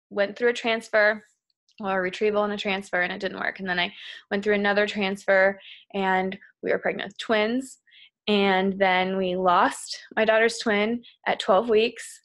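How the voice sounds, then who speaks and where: Sharing a personal story with a group as a guest speaker, this young woman is candid and emotional, leaning heavily on "like" and at times nearly crying. She has a medium-pitched, slightly bright voice.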